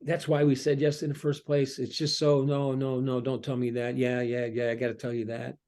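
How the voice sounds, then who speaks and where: Speaking in a monotone, this middle-aged pastor has a medium-pitched, slightly mellow voice. His reflective preaching stumbles along with frequent ums and restarts.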